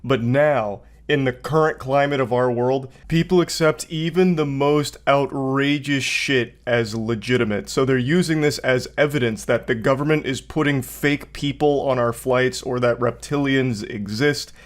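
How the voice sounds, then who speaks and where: A man's voice: medium pitch, measured pace, few pauses. Sarcastic man riffing profanely. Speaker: commentary host. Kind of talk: comedic video commentary.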